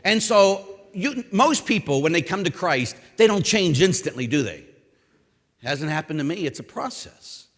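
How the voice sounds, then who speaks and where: A priest in his fifties from Pittsburgh gives a humorous talk, acting out asides and poking fun at himself. His voice sits a little high for a man and swings widely in pitch. The talk carries a long reverb from a large conference hall. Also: moderate pace. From Pittsburgh, USA. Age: 50s. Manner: animated storytelling with self-deprecating humor and acted asides.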